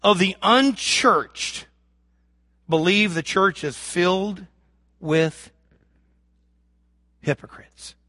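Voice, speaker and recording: A man preaching a sermon as pastor, swinging from loud emphasis to hushed lows and acting out imagined prayers. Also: very slow, long pauses, no room sound. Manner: acts out imagined prayers and voices of the congregation.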